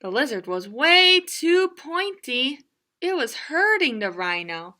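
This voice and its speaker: A woman librarian reading a children's story aloud at story time, animated and playful, making sound effects. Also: medium pitch, measured pace.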